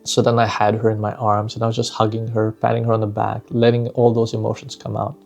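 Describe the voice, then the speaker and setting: A man recounts a parenting moment in a relaxed, reflective storytelling manner. His voice is gravelly and mellow, with frequent conversational tags like "right?" and "you know". Faint music sits underneath. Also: fairly low pitch, fast talker. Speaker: father sharing a parenting story.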